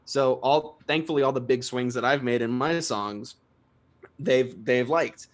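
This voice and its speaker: A man's voice: medium pitch, measured pace. A young man, a guest singer, talking casually in an interview, chatty and self-deprecating, laughing often and restarting sentences.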